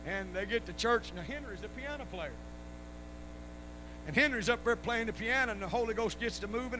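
A man preaching at a revival, telling stories and rising into shouted praise. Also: high-pitched. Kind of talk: sermon with stories. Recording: live church recording with noise and hum.

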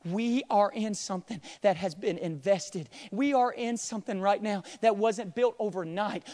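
High-voiced impassioned young preacher man. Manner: swings from hushed to loud, impassioned preaching. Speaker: pastor. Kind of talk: sermon. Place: church sanctuary.

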